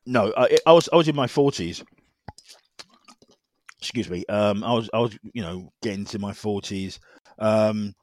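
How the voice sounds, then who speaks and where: Middle-aged man, very low voice, dry close sound, halting speech, repeats himself, lots of fillers. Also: a little mellow, dry recording. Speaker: guest. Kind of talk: personal story in conversation.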